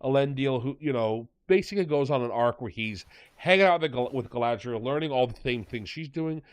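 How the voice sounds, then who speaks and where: A man talks through a show recap in a loose, rambling way, with a sarcastic edge. His voice sits at an ordinary middle pitch. The sound is dry and close, with no room around it. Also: animated, a little fast, clear, resonant tone, no room sound. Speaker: podcast host. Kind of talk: casual review chat.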